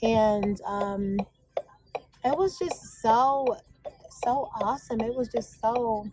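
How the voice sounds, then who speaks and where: A woman's voice: on the high side, slow pace, heavy background noise. A woman vlogging in a casual, confessional way, chatty and gushing as she talks to her viewers.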